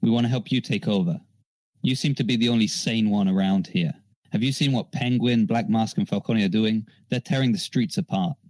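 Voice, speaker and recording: A man voicing a smug, scheming male antihero gang boss, pitching his plans in a measured, persuasive way. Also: a little mellow, no room sound, lightly acted, rough recording.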